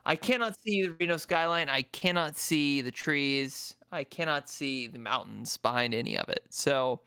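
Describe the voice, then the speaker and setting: A man's voice: medium pitch, normal speed, pushed and bright, smooth, no room sound, studio quality. A man in casual chat, laid-back and profane, with lots of fillers. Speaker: friend in conversation.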